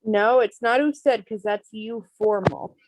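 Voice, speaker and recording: A woman's voice: on the high side, slow pace, a little mellow, no room sound. A woman teaching an online Spanish class, explaining each step patiently with many ums.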